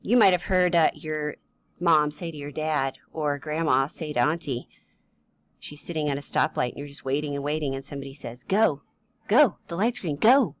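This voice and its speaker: A woman's voice: deep voice, steady tone, brisk, a bit bright, poor audio. A woman teaching a grammar lesson to young children, playful and chatty, talking straight to them with questions.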